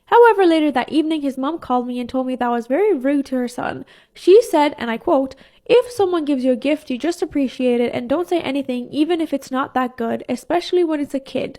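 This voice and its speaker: A woman narrating posted stories in an even, steady reading voice. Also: high voice. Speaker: story narrator.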